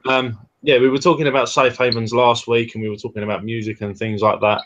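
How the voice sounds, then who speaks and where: A man's voice: medium pitch, flat delivery, quick pace, highs cut off, slight background noise. A man co-hosting a casual webcast chat, explaining things step by step with hesitant fillers. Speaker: co-host, personal trainer.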